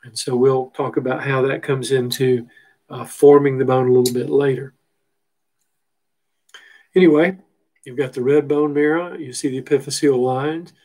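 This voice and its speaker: A man's voice: mid-range voice, fairly even intonation, normal speed, long pauses, a little mellow, poor audio. A middle-aged man teaching a biology lecture from a textbook figure, folksy and full of rhetorical questions. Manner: folksy, asks rhetorical questions, repeats terms. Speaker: biology instructor. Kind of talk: recorded lecture walking through a textbook figure.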